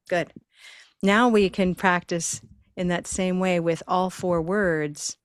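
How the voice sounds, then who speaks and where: A woman leads a live pronunciation lesson over a video call. Her voice sits a bit low, and she talks slowly, drilling words in steady counted beats. The recording is dry and close-miked. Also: clean tone, no room sound. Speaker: pronunciation teacher and host.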